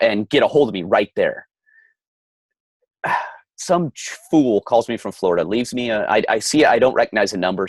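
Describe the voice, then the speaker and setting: A man's voice: on the low side, dry recording. A middle-aged man co-hosting a podcast, ranting heatedly in casual chat with frequent stammering restarts. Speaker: podcast co-host.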